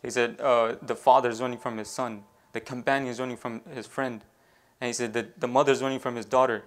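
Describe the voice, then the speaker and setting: Halting male preacher telling a story. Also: mid-range voice, flat delivery. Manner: halting, with many fillers and restarts, weaving in devotional phrases. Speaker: Islamic preacher. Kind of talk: storytelling sermon.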